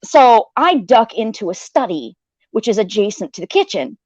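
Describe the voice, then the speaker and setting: A woman's voice: medium pitch, sing-song, normal speed, a little mellow, no room sound. Casual woman host, rambling storyteller, swears a lot, dull lo-fi sound, dry room. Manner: rambling, profane, restarts often, acts out quotes. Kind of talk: casual chat, telling a dream story.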